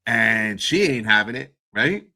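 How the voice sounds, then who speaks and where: A man's voice: mid-range voice, unhurried. A man co-hosting a casual TV recap show, retelling scenes and acting out the characters' lines. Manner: relaxed storyteller, acts out dialogue. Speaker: podcast co-host.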